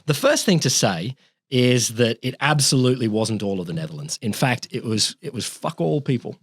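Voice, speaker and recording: A man's voice: medium pitch, moderate pace, breathy edge, no echo. Guy on a podcast telling history, voice jumps all over, dry close mic, swears a bit. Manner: animated, swears casually, restarts sentences. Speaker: podcast co-host explaining history. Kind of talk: casual conversational podcast.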